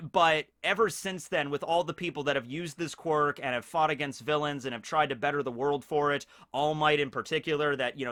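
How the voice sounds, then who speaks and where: Male vlogger reviewing anime, bright and forceful, energetic casual commentary. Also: on the high side. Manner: energetic, animated, chuckles between points.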